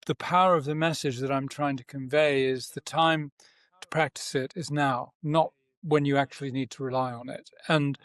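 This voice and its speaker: A man's voice: fairly high pitch, no room sound, clean studio sound. A man, a breathwork teacher and author, explaining at length as a podcast guest, posing rhetorical questions and repeating key phrases.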